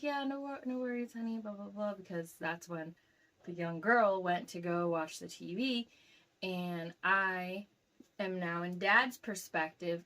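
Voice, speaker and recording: A young woman casually telling a dream to camera, rambling with lots of fillers and getting animated as the story goes. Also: lowish voice. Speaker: vlogger recounting a dream.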